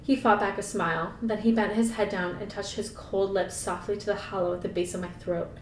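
A woman's voice: steady tone, a little fast. A woman podcast co-host reading a novel aloud, breaking off for playful, sarcastic jokes. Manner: playful, laughing, sarcastic asides. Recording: echoey room, mic at a distance, faint rumble.

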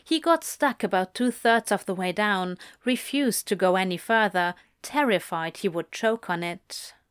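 A woman narrating a story aloud, calm and steady in tone. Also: medium pitch, unhurried, clear, resonant tone, no room sound, clean studio sound. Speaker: audiobook reader. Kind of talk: scripted fiction narration.

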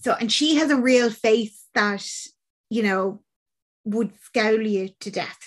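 An Irish woman chatting casually, telling a film's story in an animated way with lots of fillers. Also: fairly high pitch, takes it slowly. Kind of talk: casual film recap chat.

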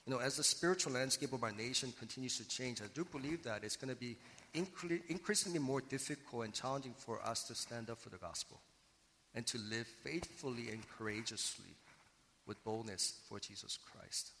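A man's voice: mid-range voice, sharp tone, a little hiss or hum. Earnest preaching man in reverberant hall. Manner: earnest, emphatic preaching with dramatic pauses. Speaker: pastor. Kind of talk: sermon.

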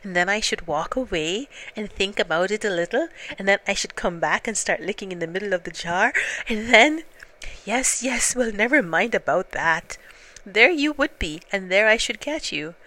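A woman voicing a slow, dreamy, honey-loving male bear who muses aloud and hums to himself. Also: medium pitch, lively intonation, sharp tone, voice pushed up. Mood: eager. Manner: musing, drawn-out, humming to himself.

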